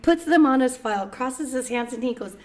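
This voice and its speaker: High-voiced woman telling a laughing story. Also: a little fast, very noisy. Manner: laughing, animated retelling with profanity. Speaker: podcast co-host. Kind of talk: casual storytelling chat.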